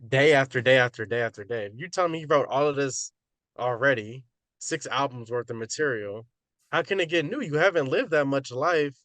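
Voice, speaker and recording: A man's voice: mid-range voice, a bit bright, no room sound. A man co-hosting a music podcast, speaking in a blunt, emphatic way. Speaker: podcast co-host. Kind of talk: casual chat.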